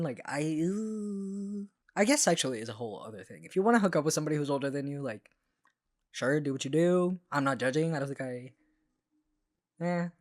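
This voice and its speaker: Animated, expressive man co-hosting a chat. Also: a little high. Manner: animated and expressive, with playful exclamations. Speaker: podcast co-host. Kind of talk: casual chat.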